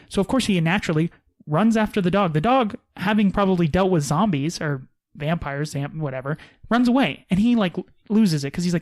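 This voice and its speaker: A man chatting on a podcast, racing through a story with lots of restarts. His voice sits a little high and the sound is dry and close, with no room around it. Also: no room sound. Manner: animated storyteller, fast, restarts sentences. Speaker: podcast co-host. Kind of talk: casual chat.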